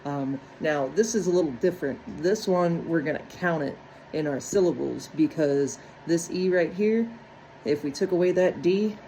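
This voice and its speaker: A woman's voice: low-pitched, moderate pace, warm tone, slight background noise, poor audio. A woman walking step by step through a phonics lesson on breaking words into syllables, checking in often with "right?". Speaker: teacher.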